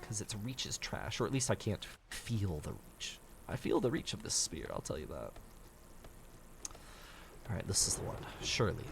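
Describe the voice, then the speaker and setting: A man's voice: deep voice, huge pitch swings, moderate pace, vocal fry, slight background noise. A man streaming a survival game, grumbling and swearing at his bad luck and mocking himself as he plays. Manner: grumbling, profane, self-mocking. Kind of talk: casual gameplay commentary.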